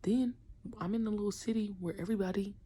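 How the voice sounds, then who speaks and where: This young female basketball coach has a mid-range voice and talks fast, with a little hiss or hum in the recording. Her vlog delivery is casual and slangy, often half-whispered, and she's animated, imitating kids' voices.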